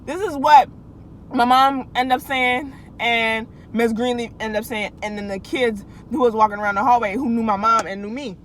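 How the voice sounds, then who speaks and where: A woman's voice: on the high side, fairly even intonation, normal speed, a bit bright, slight background noise, poor audio. A young adult woman vlogger telling a casual storytime in a chatty, slangy way, with restarts and asides to her viewers.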